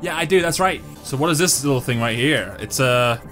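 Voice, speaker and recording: A man giving live reaction commentary over gameplay, excitable, swearing, and talking back to the game. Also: mid-range voice, brisk. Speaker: gaming channel host. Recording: game music underneath.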